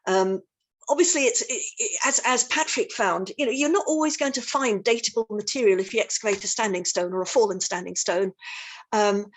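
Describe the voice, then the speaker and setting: A woman lecturer answering questions in an online talk, thoughtful and hesitant, with many fillers and restarts. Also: mid-range voice. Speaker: guest lecturer. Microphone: video call.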